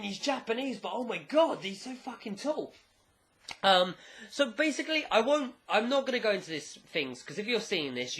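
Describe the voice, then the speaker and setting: Fired-up guy from england reviewing stuff, bright tense voice, swings up and down a lot. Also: on the high side. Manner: animated, excitable, casually profane. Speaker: anime reviewer. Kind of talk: casual video review.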